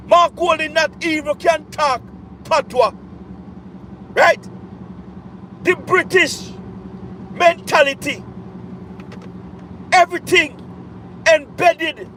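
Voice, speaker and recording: A Jamaican man on a livestream, his voice pitched very high for a man as he hammers home each point. He talks slowly and deliberately, repeating himself and asking his listeners if they follow him, with faint traffic noise behind. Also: fairly bright tone, low-quality recording. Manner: emphatic and repetitive, with rhetorical check-ins. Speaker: political commentator. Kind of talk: livestream commentary.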